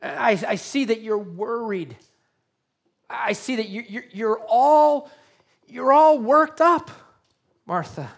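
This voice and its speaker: A man voicing Jesus as a gentle, compassionate man who softly repeats a friend's name to comfort her. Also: high-pitched, lively intonation, a little slow, creaky, pitched above the performer's own voice, exaggerated voice. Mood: tender. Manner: soft, tender, repeating the name.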